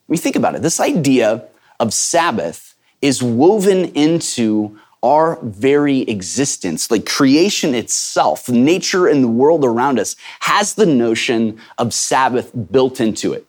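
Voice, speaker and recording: A man's voice: medium pitch, big pitch swings, unhurried. Man preaching in a conversational way. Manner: conversational, emphatic, with frequent fillers and restarts. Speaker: pastor. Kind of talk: sermon.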